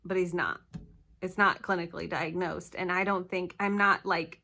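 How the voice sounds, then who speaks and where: A young woman talks straight to the camera set on her table at home. Her voice is bright and forward, and her talk is chatty and scattered, full of quick corrections. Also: lowish voice, steady tone, creaky. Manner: chatty, flustered, rambling with self-corrections. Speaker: planner vlogger.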